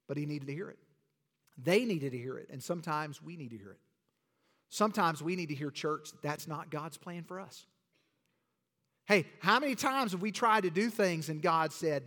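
Pastor preaching in a reverberant hall. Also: male voice, fairly high pitch, animated, normal speed. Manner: preaching with sudden loud bursts and soft drops. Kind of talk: sermon. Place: church sanctuary. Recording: long reverb of a large hall.

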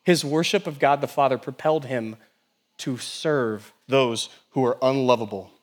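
Animated man preaching a sermon. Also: mid-range voice, normal speed. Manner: animated preaching, swings between loud and hushed; asks the congregation many rhetorical questions. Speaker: pastor.

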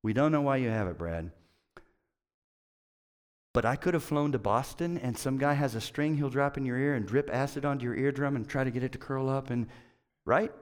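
A middle-aged man preaching a sermon as a pastor, telling stories in a conversational way, swinging between loud emphasis and hushed moments. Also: mid-range voice, a little fast, clean tone, big-room sound.

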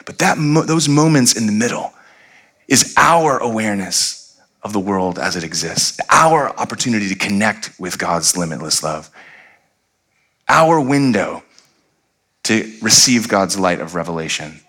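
A male pastor delivers a sermon, shifting from animated rhetorical questions to slow, hushed scripture reading. His preaching is expressive, swinging between loud, lively peaks and quiet, low passages, with conversational asides along the way.

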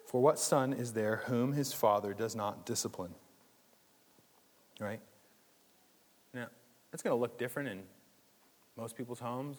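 Man preaching in a reverberant hall. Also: medium pitch. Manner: conversational, animated preaching with jokes and asides. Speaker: pastor. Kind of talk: sermon.

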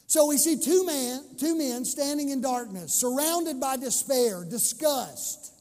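Male pastor, impassioned sermon, emphatic slow phrases, very high voice, long church reverb. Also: a little mellow.

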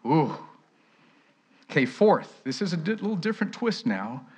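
A pastor preaching a sermon, moving between loud, emphatic lines and hushed, near-whispered ones. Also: male voice, on the high side, sing-song, a little fast, breathy edge.

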